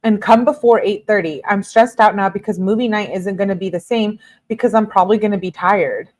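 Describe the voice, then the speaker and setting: A woman's voice: medium pitch, brisk, darkish tone. A woman hosting a true-crime commentary, casually reading text messages aloud and adding her own chatty reactions.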